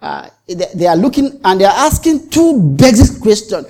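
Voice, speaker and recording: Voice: medium pitch, sing-song, normal speed, darkish tone. A pastor preaching a sermon, repeating and restarting phrases for emphasis and acting out the exchanges he tells. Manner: dramatic, acts out the quoted exchanges.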